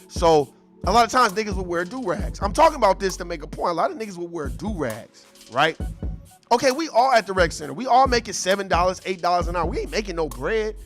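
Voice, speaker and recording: A man telling a story in an animated, profane, streetwise casual rant. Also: high voice, quick pace, faint music behind. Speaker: show host.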